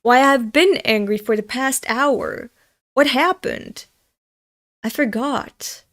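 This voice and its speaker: Her voice sits high with a fairly bright tone, and she talks slowly. A young European streamer, she reads a manga aloud with commentary that turns into a profane, blunt, angry rant.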